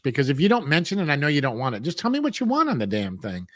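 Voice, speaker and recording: A man's voice: mid-range voice, wildly swooping pitch, fast talker, few pauses, fairly bright tone, dry recording, studio quality. A man co-hosting a talk show over a video call, ranting bluntly and cussing freely in casual chat. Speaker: co-host.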